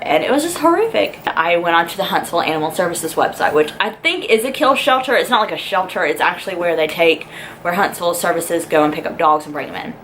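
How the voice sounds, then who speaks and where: A woman's voice: on the low side, a bit bright, slight background noise, poor audio. A young woman tells a personal story in a vlog. She rambles and fills her talk with "like" and "um". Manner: chatty and rambling, lots of "like" and "um". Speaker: vlogger.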